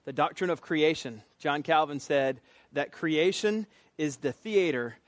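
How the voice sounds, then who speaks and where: Teaching a doctrine class, this middle-aged Southern US pastor speaks unhurriedly in a lively, somewhat high voice with no echo. His sermon comes across as conversational and folksy, dotted with jokes at his own expense.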